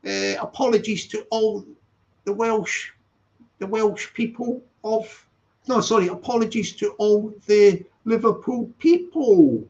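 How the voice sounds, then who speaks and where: A man rambles through a casual live-stream chat, stopping to read the chat and correct himself. His voice sits high and has a gravelly edge. The recording sounds dull and lo-fi. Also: steady tone, measured pace, darkish tone. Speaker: channel host.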